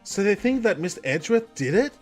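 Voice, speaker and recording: A man reading as a brisk young lawyer. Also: high-pitched, big pitch swings, a little mellow, soft background music, voice pushed up. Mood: inquisitive. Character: earnest young male defense lawyer.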